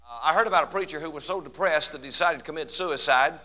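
A man's voice: a little high, quick pace, bright, forceful tone, poor audio. A man with a Texan accent telling stand-up jokes in a folksy manner. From West Texas. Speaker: comedian.

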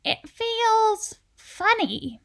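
A woman voicing Anger, a personified male spirit who speaks in a sly, conspiratorial way and turns soft. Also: very high voice, very animated, drawn-out words, gravelly, pitched above the performer's own voice, heavily acted. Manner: conspiratorial, later soft and whispery. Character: personified Anger, a male spirit friend, hotheaded then tired.

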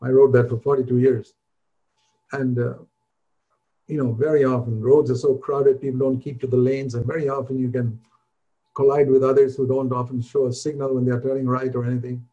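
An older man preaching a sermon in an earnest, conversational way, rising in pitch on the points he stresses. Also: little pitch movement, brisk, dark tone, highs cut off. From India.

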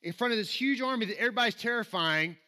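Southern preacher, high bright voice, chatty and self-deprecating, builds to emphatic scripture reading. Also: male voice, lively intonation, fast talker. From Alabama, US. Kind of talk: sermon. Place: church sanctuary.

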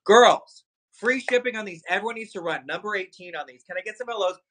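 A man hosting a live shopping stream, excitedly hyping luxury items and talking straight to his viewers. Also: sits high, fast talker, low-quality recording. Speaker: livestream shopping host. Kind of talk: live sales stream chat.

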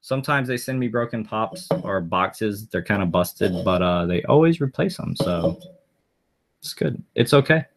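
A man's voice: on the low side, animated, normal speed. A man chatting casually on a live stream, rambling and answering viewer comments aloud as he goes.

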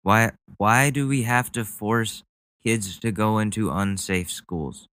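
A man's voice: on the low side, slow pace, fairly bright tone, dry recording. A man hosting a podcast, ranting about the news with sarcastic, mocking commentary. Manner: sarcastic, mocking, goes on rants. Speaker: podcast host. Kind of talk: casual comedic commentary.

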